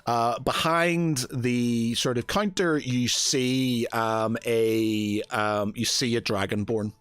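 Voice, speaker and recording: A man's voice: medium pitch, fairly even intonation, slow, a bit bright, smooth, dry recording. A man narrating as game master, rambling with many fillers.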